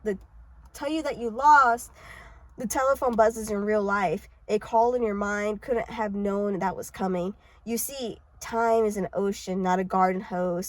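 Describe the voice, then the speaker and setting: A woman's voice: mid-range voice, dry recording, rough recording. A woman casually reading a novel aloud in a parked car, with stumbling restarts and swearing asides. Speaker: audiobook reader.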